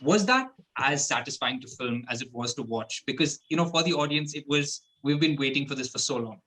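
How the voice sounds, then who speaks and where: Fast-talking interview host. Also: medium pitch, bright, forceful tone, poor audio. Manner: fast, chatty, many "you know"s. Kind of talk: interview questions.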